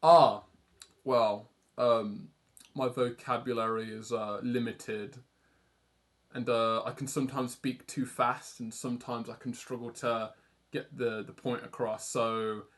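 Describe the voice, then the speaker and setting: A man's voice: medium pitch, steady tone, unhurried. Rambling young Englishman chatting while drawing. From England. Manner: rambling, self-deprecating, casually swearing. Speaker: art streamer. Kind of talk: casual livestream chat while drawing.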